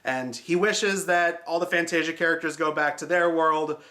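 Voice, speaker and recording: Sarcastic, bright-voiced male film reviewer. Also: on the high side, steady tone, moderate pace. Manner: sarcastic, swears freely, mocking. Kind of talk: casual spoken review.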